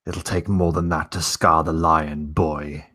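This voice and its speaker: A man's voice: rumbling low, little pitch movement, unhurried, pushed and bright, full character voice. A man voicing a proud and cruel young noble swordsman who speaks in a cold, disdainful way in a tabletop game.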